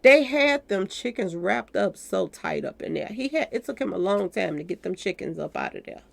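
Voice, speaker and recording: Gravelly woman chatting to viewers. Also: mid-range voice, expressive, normal speed. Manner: talks straight to viewers, repeating "y'all". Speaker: commentary channel host. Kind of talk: casual commentary to viewers.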